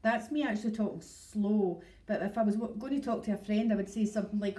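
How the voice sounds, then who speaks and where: Talking briskly in a warm, mid-range voice, a middle-aged Scottish woman who breeds dogs rambles and laughs through a casual phone livestream indoors at home. The recording quality is rough.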